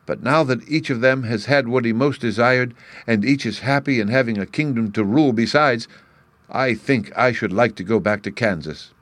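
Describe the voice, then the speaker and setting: A man's voice: mid-range voice, normal speed, dry recording, close to an everyday voice. A man voicing an eager, kind-hearted young girl in a storybook, with a breathless, raised delivery. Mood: earnest.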